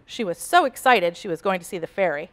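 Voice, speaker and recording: A woman reading a picture book aloud to children in an expressive, animated storytelling voice. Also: fairly low pitch, a little fast. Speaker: storybook reader.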